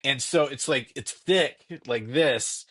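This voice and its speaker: Rambling dad telling home stories. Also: male voice, mid-range voice, slow, fairly bright tone, husky. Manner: rambling, filler-heavy anecdotes. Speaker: guest, father. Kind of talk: casual storytelling. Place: home basement.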